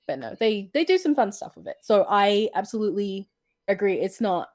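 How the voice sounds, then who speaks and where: A woman's voice: medium pitch, sing-song, moderate pace, darkish tone. A woman co-hosting a podcast in casual chat, laughing often and acting out characters' lines. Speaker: podcast co-host.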